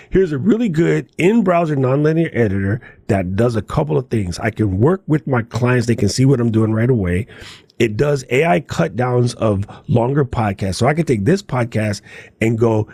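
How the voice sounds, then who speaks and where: A man's voice: medium pitch, darkish tone, breathy edge, no room sound. A man on a tech podcast panel, chatting casually and keenly, with joking asides.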